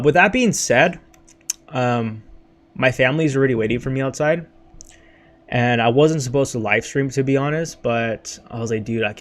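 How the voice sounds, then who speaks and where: A young man runs a casual livestream from his bedroom, wired on caffeine and a little out of breath. He talks in a hyped, rambling way, tossing in "dude" and "bro" constantly. His voice sits at an ordinary middle pitch. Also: a little hiss or hum. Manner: hyped, rambling, says freaking and dude a lot. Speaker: crypto livestream host.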